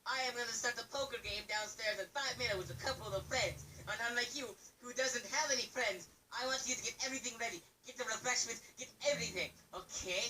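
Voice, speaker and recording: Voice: mid-range voice, quick pace, few pauses, far from the mic, noisy background, lightly acted. A performer voicing a bossy, vengeful puppet brother in a fan comedy video, snarling mock threats. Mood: bullying.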